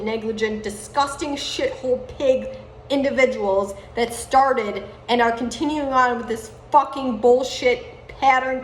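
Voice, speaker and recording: Furious, foul-mouthed woman in her thirties. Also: a little hiss or hum. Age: 30s. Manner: furious, profane ranting, swings between loud outbursts and low muttering. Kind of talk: angry monologue to camera.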